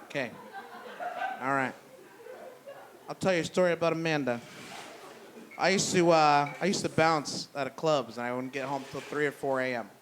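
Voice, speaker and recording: A man doing a stand-up comedy set in a brewery, blunt and profane with a deadpan delivery. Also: a little high, moderate pace, long pauses. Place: brewery venue with live audience. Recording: noisy live room.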